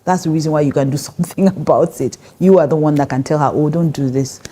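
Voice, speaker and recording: A woman's voice: low voice, fast, dark tone. A middle-aged woman pastor with a Nigerian English accent giving a conversational marriage teaching, direct and emphatic, laughing often.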